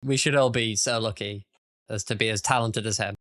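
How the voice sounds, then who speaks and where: Bright-voiced man, mock-serious podcast banter. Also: on the low side, fairly even intonation, fairly quick. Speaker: podcast co-host. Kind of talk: casual chat.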